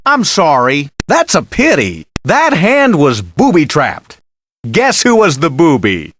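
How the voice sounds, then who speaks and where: A man's voice: on the high side, a bit bright, full character voice. An actor playing a sarcastic male blackjack dealer in a video game, teasing the player with one-liners.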